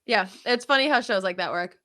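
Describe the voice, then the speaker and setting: Woman co-host, medium pitch, bright and crisp, eager and chatty, dry room. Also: fairly quick, no room sound. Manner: chatty, enthusiastic, laughs easily. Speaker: podcast co-host. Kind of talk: casual chat.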